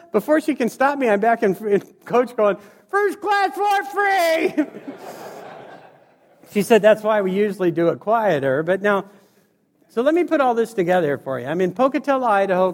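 A man doing storytelling stand-up comedy, animated and acting out the people in his stories. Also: sits high. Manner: animated, acts out voices and scenes. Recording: reverberant hall.

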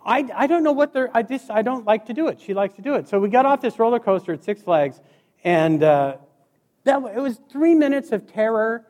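A man from Montana with a high voice delivers a joking motivational speech to a live crowd. He is middle-aged and tells stories with sound effects and quick asides. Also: animated, darkish tone. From Montana, USA. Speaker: motivational speaker. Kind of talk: humorous keynote speech. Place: stage before a live audience.

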